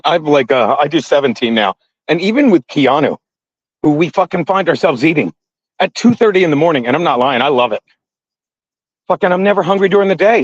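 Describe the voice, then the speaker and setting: A middle-aged male comedian livestreams while jump roping, rambling to his live chat, swearing often and laughing at his own jokes. His voice is a little high, and the lo-fi recording sounds dry and dull with no echo.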